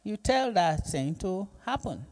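Slow, emphatic male preacher. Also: sits high, very animated, creaky, darkish tone. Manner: slow, emphatic preaching with repeated calls to the congregation. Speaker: pastor. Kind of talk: sermon with call-and-response.

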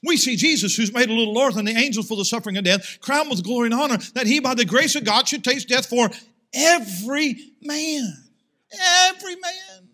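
A male pastor preaching a sermon to his congregation in church. He asks rhetorical questions and rises into loud, emphatic swells. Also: very high voice, fast, hardly any pauses.

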